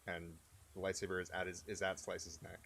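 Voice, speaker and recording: A man's voice: low voice, flat delivery, a little fast, gravelly, a bit bright, a little hiss or hum. A man narrating a tabletop game as game master, hesitant and full of fillers.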